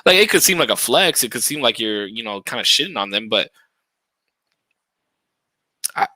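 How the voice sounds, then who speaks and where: A man in a relaxed podcast chat, reflecting out loud and swearing freely while thanking followers on his stream. His voice is bright and forceful, recorded close and dry with no room sound. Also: medium pitch, normal speed, no room sound, rough recording. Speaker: podcast guest and game streamer.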